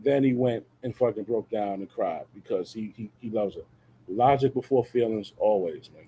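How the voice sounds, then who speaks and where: A man reacting to a clip with blunt, preachy commentary, slowing down to stress key words. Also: on the low side, warm tone, slight background noise, low-quality recording. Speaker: reviewer host reacting to a clip.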